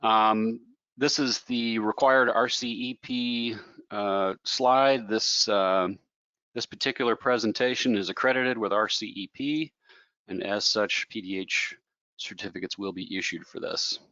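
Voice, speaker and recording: A man's voice: fairly low pitch, fairly even intonation, unhurried, bright, forceful tone, dry recording, highs cut off. A man moderating a webinar, reading housekeeping notes and a speaker introduction. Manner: reads announcements and a speaker bio.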